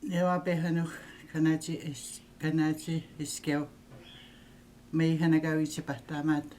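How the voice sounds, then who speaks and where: Older woman with a warm, low voice. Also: level tone, a little hiss or hum. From Northern Manitoba, Canada. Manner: unhurried, halting, repeats words. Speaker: church minister and elder. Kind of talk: personal introduction in a video.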